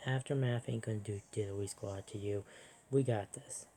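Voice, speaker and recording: A soft-spoken person musing aloud while playing a video game, often self-deprecating. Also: medium pitch, steady tone, normal speed. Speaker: let's play host.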